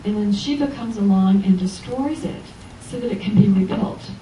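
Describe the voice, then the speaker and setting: A woman's voice: medium pitch, normal speed, slight background noise. A woman spiritual teacher giving an inspirational Sunday church lecture, telling stories and acting out the voices of the people in them. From Los Angeles. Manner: animated storytelling, acting out quoted voices. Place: church hall. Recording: echoey church hall from far off.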